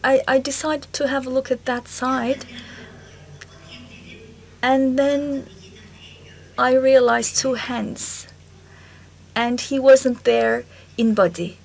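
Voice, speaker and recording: A woman speaking at a symposium in a concert hall, slowly and haltingly recalling a spiritual encounter in the first person. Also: sits high, fairly even intonation, gravelly, a little mellow. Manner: slow, halting storytelling with pauses.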